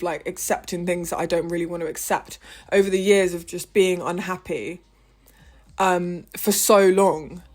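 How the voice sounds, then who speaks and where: Fired-up young woman venting. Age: 20s. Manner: frustrated, swearing, emphatic; impassioned, with big swings in pitch and loudness. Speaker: vlogger. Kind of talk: heated personal monologue.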